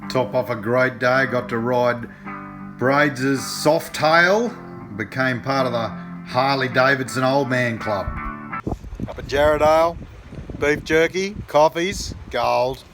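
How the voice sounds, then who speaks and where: An older man with an Australian accent, chatting excitedly in matey banter about old planes in a hangar. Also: mid-range voice, takes it slowly, over music. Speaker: aviation vlogger. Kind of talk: casual chat. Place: aircraft hangar.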